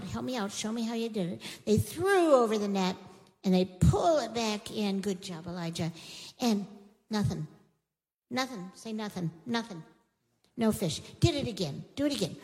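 Animated woman telling children a Bible story. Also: mid-range voice. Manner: lively, animated, asks the children questions. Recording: long reverb in a hall.

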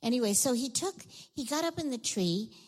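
Animated woman telling a children's Bible story. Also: on the high side, moderate pace, rough recording. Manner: animated, asks the children questions. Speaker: children's sermon leader.

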